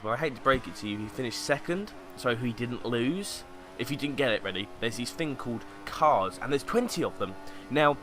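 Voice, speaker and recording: A man's voice: medium pitch, moderate pace, pushed and bright, soft background music. A young man with a sarcastic, mocking manner, reading out fan tweets and commenting on them in a casual way. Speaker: YouTube commentator.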